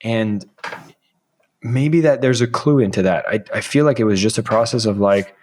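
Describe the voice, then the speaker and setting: A man's voice: on the low side, normal speed, a little mellow, slight background noise. A man in his thirties, a podcast guest, telling a casual story and acting out his own past lines.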